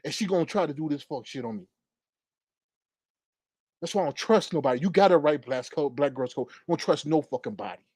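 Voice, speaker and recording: A man's voice: fairly high pitch, expressive, fairly quick, pauses often, darkish tone, dry recording, clean studio sound. A man hosting a livestream, angrily ranting in a profane, repetitive way. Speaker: livestream host. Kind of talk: heated livestream rant.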